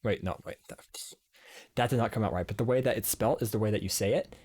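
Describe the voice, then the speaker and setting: A man talks casually on a live stream in a slightly low voice. He rambles from thought to thought, full of fillers and restarts. He talks straight into a streaming mic. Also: quick pace, a little mellow, husky. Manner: rambling, filler-heavy, self-correcting. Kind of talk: casual chat.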